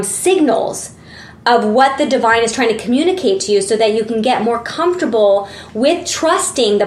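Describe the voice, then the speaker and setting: A woman's voice: on the high side, echoey room, slight background noise. A woman giving a casual, earnest tarot reading, chatty and full of fillers. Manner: chatty, earnest, lots of fillers and acted asides. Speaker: tarot reader.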